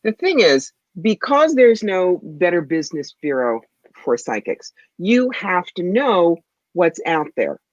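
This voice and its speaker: A woman guest, a psychic medium and author, telling stories in an interview in a punchy, animated way. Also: fairly low pitch, a little slow, no echo, dull audio. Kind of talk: interview storytelling.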